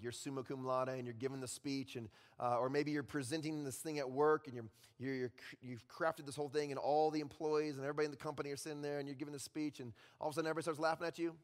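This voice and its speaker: A male pastor preaching a sermon, telling stories and dropping at times to a hushed voice. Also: mid-range voice. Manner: storytelling with sudden drops to a hushed voice. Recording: long reverb in a large hall.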